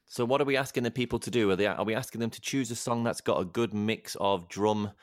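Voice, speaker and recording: A man's voice: lowish voice, quick pace, dry recording. A man co-hosting a channel, teasing his friends in casual, playful banter. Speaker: co-host.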